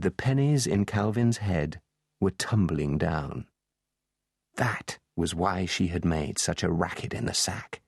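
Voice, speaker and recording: A man reads a novel aloud as an audiobook narrator, in a measured, even delivery. His voice sits on the low side. The studio sound is close and dry, with no room in it. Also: gravelly, breathy edge, dry recording.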